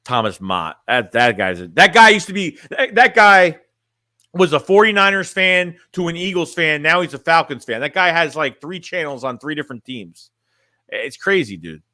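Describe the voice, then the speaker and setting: Man, fan streamer, slightly high and bright, blunt and rambly, dry close sound. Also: animated, moderate pace, no room sound. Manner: blunt, rambling, repeats and restarts phrases. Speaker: sports fan streamer reading chat. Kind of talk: casual livestream chat.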